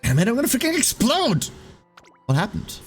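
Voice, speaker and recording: A man's voice: mid-range voice, big pitch swings, brisk, a little mellow, soft background music, natural voice. A man reading a grouchy, hot-tempered game girl. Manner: irritable, blunt. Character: grouchy short-tempered female racehorse girl. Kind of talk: reading game dialogue aloud.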